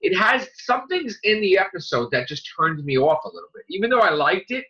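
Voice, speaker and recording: A man's voice: high-pitched, very animated, fairly quick, bright, forceful tone. A man co-hosting a casual fan podcast, ranting with lots of fillers, restarts and swearing. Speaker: podcast co-host. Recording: dull lo-fi podcast audio.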